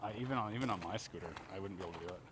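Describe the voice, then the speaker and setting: A low-voiced man chats while hiking an outdoor trail, filling his sentences with "like" and loose asides. Faint outdoor noise hangs behind him, and he comes across as relaxed and unhurried. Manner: relaxed, rambling, lots of fillers. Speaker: local guide companion. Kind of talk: casual chat while walking.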